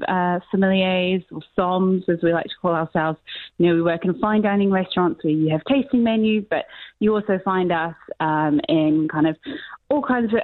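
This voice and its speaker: एक न्यूज़ीलैंड लहजे वाली युवा महिला, फ़ोन पर मेहमान के रूप में दोस्ताना ढंग से अपने काम के बारे में समझाती हुई।. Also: female voice, lowish voice, dry recording. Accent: New Zealand. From New Zealand. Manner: friendly, laughs easily, explains plainly. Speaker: guest, sommelier. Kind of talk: phone interview. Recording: tinny phone line.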